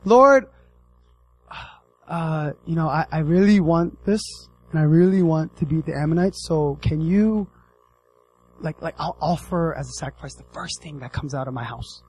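A man's voice: fairly high pitch, moderate pace, slight background noise, natural voice. A man doing an eager, pleading ancient warrior leader. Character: ambitious male biblical warrior leader, eager.

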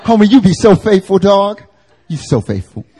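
A man's voice: sits high, sing-song, moderate pace, dark tone, in a large hall, a little hiss or hum, pitched above the performer's own voice. A man in a sermon voicing a slangy male buddy who hypes up his friend. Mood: hyping.

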